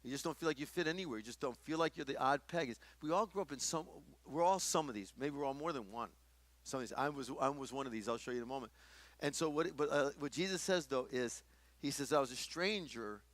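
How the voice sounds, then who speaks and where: A man's voice: mid-range voice, quick pace, a bit bright, no room sound. A middle-aged man teaching a workshop in a conversational sermon style, often restarting his sentences. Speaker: workshop speaker.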